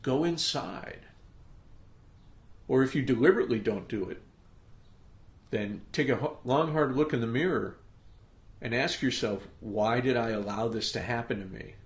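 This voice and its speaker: In a reverberant space, a middle-aged man hosting his podcast gives a forceful pep talk, frequently pausing for an "okay?" check-in. His mid-range voice moves at a moderate pace, broken by long pauses.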